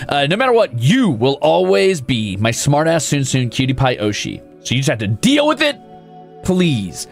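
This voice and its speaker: A man streaming a building game, playful and swearing casually, who jumps into high squeals when greeting creatures and chats with viewers. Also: very animated, moderate pace, vocal fry, soft background music. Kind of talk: live gameplay commentary.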